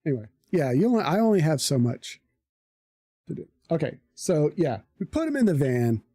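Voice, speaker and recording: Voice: mid-range voice, big pitch swings, normal speed, warm tone, dry recording. An adult parent streaming live, telling a story bluntly with plenty of swearing. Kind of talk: casual storytelling to a live chat.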